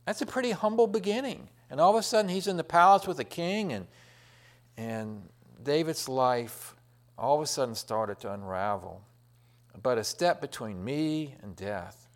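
A man's voice: a little high, normal speed. Folksy rambling male preacher. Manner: folksy, rambling retelling with many fillers and restarts. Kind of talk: sermon.

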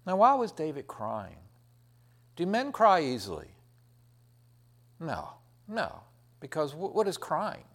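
A man's voice: a little high, huge pitch swings, slow pace, pauses often, a bit bright. Folksy rambling male preacher. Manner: folksy, rambling retelling with many fillers and restarts. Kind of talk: sermon.

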